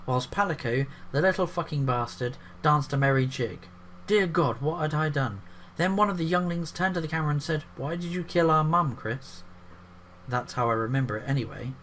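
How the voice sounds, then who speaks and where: A man's voice: on the high side, expressive, brisk, a bit bright, a little hiss or hum. A man reading an article aloud and breaking off into sarcastic, profane commentary. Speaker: YouTube commentator.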